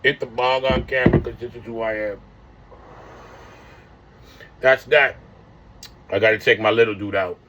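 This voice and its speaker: A man's voice: medium pitch, steady tone, normal speed, long pauses, fairly bright tone, highs cut off, a little hiss or hum. Man in his forties rambling in slang. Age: 40s. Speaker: vlogger. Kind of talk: casual monologue.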